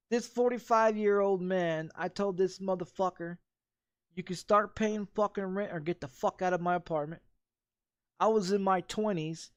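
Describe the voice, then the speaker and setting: A man's voice: high-pitched, no echo, lo-fi sound. A man in his thirties, a game streamer, telling a story in a heated, profane rant full of repeats. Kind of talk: casual storytelling during a gameplay stream.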